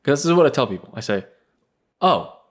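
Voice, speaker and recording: A man's voice: medium pitch, animated, very fast, a little mellow. A young man co-hosting a podcast who teases and jokes in a casual chat. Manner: teasing, joking banter. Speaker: podcast co-host.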